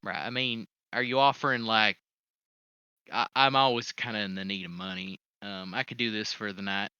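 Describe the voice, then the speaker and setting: A man's voice: on the low side, steady tone, normal speed, sharp tone, clear, resonant tone, lo-fi sound. A man playing a tabletop character in a casual, easygoing way. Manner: casual, laughing between lines. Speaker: player.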